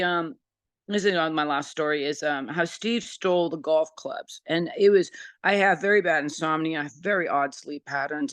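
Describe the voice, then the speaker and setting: A woman's voice: low-pitched, dry recording. A woman in her sixties from San Francisco giving a rambling, earnest personal testimony in a group sharing circle, with many fillers and restarts. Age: 60s.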